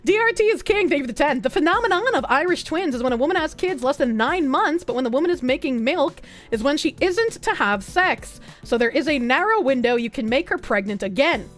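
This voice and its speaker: Young woman streamer, bawdy and jokey, high voice, faint music behind; casual chat reads. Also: expressive, a little fast, hardly any pauses. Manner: bawdy, joking, laughs often.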